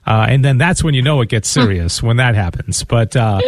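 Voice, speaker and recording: A man's voice: mid-range voice, expressive, fairly quick, dry recording. A man hosting a radio fundraiser, talking casually and stumbling over repeated words as he makes his appeal. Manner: talkative, repeats words often. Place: radio studio.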